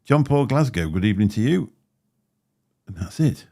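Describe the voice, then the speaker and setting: A man's voice: lowish voice, very animated, moderate pace, warm tone. A man hosting a livestream, chatting in a rambling way with a slight lisp and frequent laughs. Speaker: livestream host. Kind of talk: casual chat. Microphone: desk microphone.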